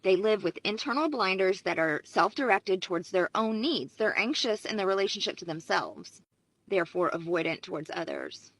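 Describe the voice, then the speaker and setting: Bright, dry-voiced woman psychologist. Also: medium pitch, animated, moderate pace, no room sound, low-quality recording. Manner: confident, explanatory, emphatic. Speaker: relationship psychologist. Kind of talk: advice video talk to camera.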